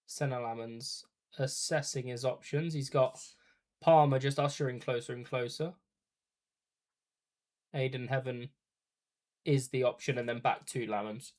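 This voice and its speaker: A man talking through a football match as it happens, calling each pass and foul in a relaxed, conversational way. He mixes play-by-play with casual asides to his viewers, as on a live watch-party stream. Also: mid-range voice, unhurried, pauses often. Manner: chatty play-by-play with asides to chat.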